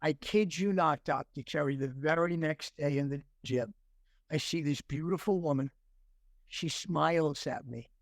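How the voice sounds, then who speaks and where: Older male guest in his 60s, animated storyteller, a touch high-pitched, dry close sound; earnest. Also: measured pace, dry recording. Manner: animated storyteller acting out dialogue; earnest, emotional at times. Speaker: interview guest. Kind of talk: personal recovery story.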